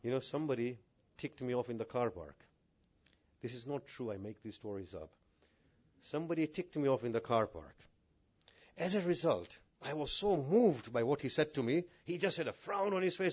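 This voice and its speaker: A man preaching a sermon to a mosque congregation, asking rhetorical questions and swinging between hushed and raised delivery. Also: mid-range voice, expressive, fairly quick, breathy edge, lo-fi sound. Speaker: maulana.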